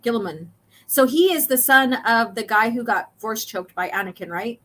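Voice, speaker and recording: Casual woman host, a touch high-pitched, talkative, lots of ums. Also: animated, normal speed, a bit bright. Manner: chatty, reads comic lines aloud with many ums. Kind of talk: casual chat walking through comic pages.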